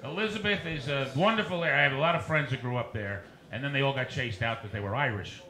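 A man performing a stand-up comedy set on a dive bar stage, doing quick crowd work and asides to the audience. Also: medium pitch. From New Jersey. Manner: animated crowd work, rapid asides to hecklers. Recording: echoey bar with loud rowdy crowd.

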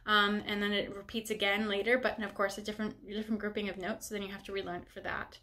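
A woman's voice: medium pitch, level tone, fast talker, sharp tone. A young woman teaching a music lesson, upbeat and encouraging, explaining each step plainly. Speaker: bassoon teacher.

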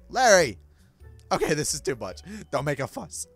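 An excitable young man hosts a game role-play video with a bright, high voice that swings widely in pitch. He talks in an exaggerated way, with faint music underneath. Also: a little fast. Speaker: gaming YouTuber.

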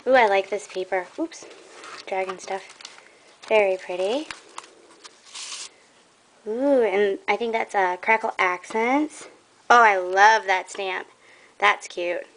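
A woman's voice: medium pitch, takes it slowly, pauses often, fairly bright tone, slight background noise. A young woman showing off a craft trade in a casual vlog, gushing and admiring, a bit out of breath.

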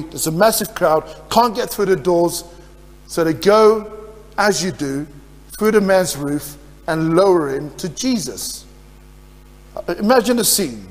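A man preaching as pastor, earnest and putting questions to his congregation. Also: sits high. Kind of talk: sermon. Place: church. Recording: reverberant church hall.

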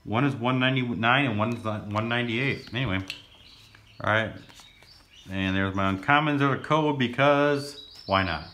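A man's voice: medium pitch, moderate pace, sharp tone. A man casually narrating as he opens card packs, rambling and goofy, now and then breaking into silly sing-song. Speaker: card-opening vlogger. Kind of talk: casual pack-opening commentary.

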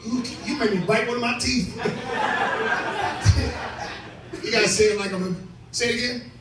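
A man's voice: very high voice, a little slow. A man doing profane, brash stand-up crowd work at a live club, laughing often and a bit drunk. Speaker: comedian hosting a show. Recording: echoey room, distant mic, crowd noise.

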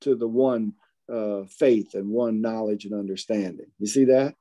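A man teaching a Bible study in a casual, halting way, often asking if listeners follow. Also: fairly low pitch, warm tone, poor audio.

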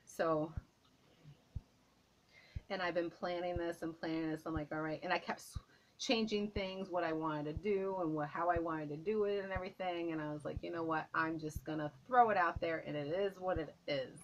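A woman's voice: on the low side, steady tone, moderate pace, slight background noise, rough recording. A woman vlogger chatting to camera at home, gushing and repeating herself, a little out of breath. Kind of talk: casual chat to camera. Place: at home, indoors.

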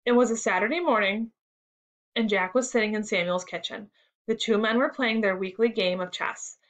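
A woman teacher reading a third-grade lesson and story aloud in a clear, measured way. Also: mid-range voice, a bit bright.

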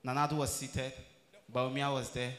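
A Ghanaian man with a Ghanaian English accent doing a loud, playful stand-up comedy set on a theatre stage, switching into local slang and quick impressions. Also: medium pitch, little pitch movement. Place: large theatre stage with a live audience. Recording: roomy theatre with long reverb.

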